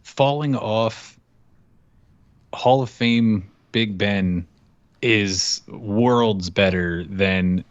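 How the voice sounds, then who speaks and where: A man co-hosting a casual podcast, brash and teasing, talking in quick bursts full of slang. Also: fairly low pitch, dry recording, muffled recording. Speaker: podcast co-host. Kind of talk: casual banter about fantasy football.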